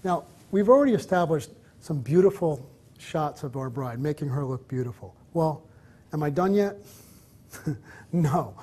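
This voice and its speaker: A husky, warm voice on the high side belongs to a man teaching wedding photography as he moves around a hotel. Expressive and moderately paced, he coaches with encouragement, turning between his subject, whom he directs, and viewers, to whom he explains.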